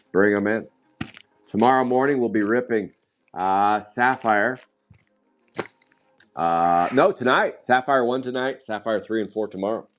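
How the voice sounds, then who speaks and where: Rambling man streaming a card break. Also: lowish voice. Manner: rambling, sidetracked anecdotes. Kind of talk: casual live-stream chat.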